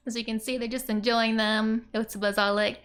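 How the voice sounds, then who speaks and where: A woman narrates a casual language lesson over the screen, chatty and giggly, laughing often as she explains. Her voice is a little high and a bit bright, with a level tone and a slightly fast pace.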